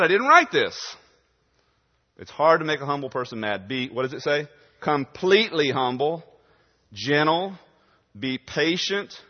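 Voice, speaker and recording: Male pastor preaching, loud stresses, soft asides, middle pitch, muffled and roomy. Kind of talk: sermon. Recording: dull sound in a reverberant hall.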